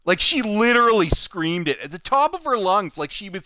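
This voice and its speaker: A man chatting casually on a live stream, telling a work story with lively swings between loud and soft and acting out the people in it. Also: high-pitched, moderate pace, no room sound.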